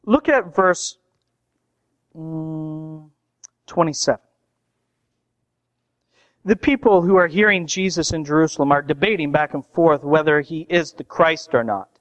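A man preaching a sermon in a conversational way, getting louder and higher to stress key points. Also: measured pace, long pauses. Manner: conversational preaching, rising loud for emphasis. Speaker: pastor.

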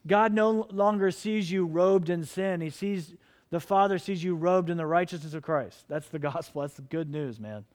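Impassioned high-voiced male preacher. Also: moderate pace. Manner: impassioned preaching, pleading with listeners. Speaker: pastor. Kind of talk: sermon.

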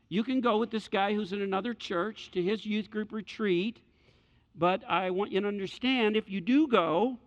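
A man's voice: high voice, a little fast. A middle-aged male pastor preaching a sermon, repeating key phrases and acting out the voices in his stories. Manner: acts out quoted voices in storytelling. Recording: dull lo-fi sound with hall reverb.

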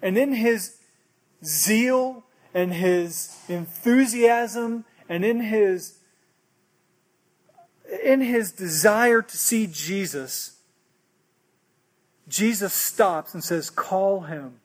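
A man's voice: sits high, drawn-out words, long pauses. A man preaching a sermon, earnest, often repeating and restarting phrases. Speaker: pastor.

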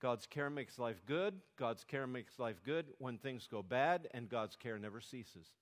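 A man's voice: mid-range voice, lively intonation, a little slow, in a large hall. An older man preaching a sermon as pastor, leading the children to repeat his points and growing more fervent as he goes.

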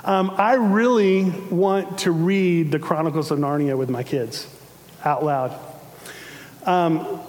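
A man's voice: fairly high pitch, takes it slowly, a little mellow. A man preaching a sermon in an earnest, conversational way, with some fillers. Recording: long hall reverb.

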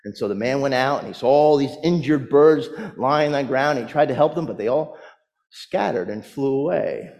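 A man's voice: on the high side, darkish tone. Male pastor, sermon, storytelling with rising emphasis, long hall reverb, church sanctuary.

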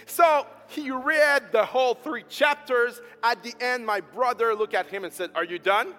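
A man preaching a storytelling sermon, emphatic, swinging between loud and soft. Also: very high voice, measured pace. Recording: hall reverb with faint music behind.

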